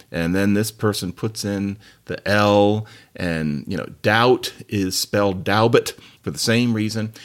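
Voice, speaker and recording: Chatty, wry male podcast host. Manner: chatty, wry and digressive, with playful asides; lively, with big jumps up in pitch on emphasis. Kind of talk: solo podcast monologue.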